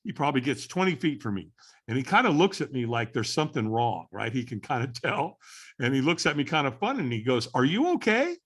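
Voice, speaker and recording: A middle-aged man, a podcast guest, tells a story with animated repetition. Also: medium pitch, brisk, breathy edge. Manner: animated storyteller who repeats phrases for effect. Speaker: podcast guest, firewalking instructor.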